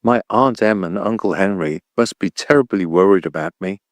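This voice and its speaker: A man's voice: low voice, normal speed, no room sound, pitched below the performer's own voice, lightly acted. A man voicing a meek, earnest young girl who pleads with a trembling voice.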